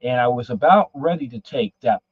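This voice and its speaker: A man's voice: mid-range voice, lively intonation, fairly quick, breathy edge, no room sound. A man and podcast guest telling a story in a casual, rambling way, often repeating his words. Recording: dull lo-fi sound, dry.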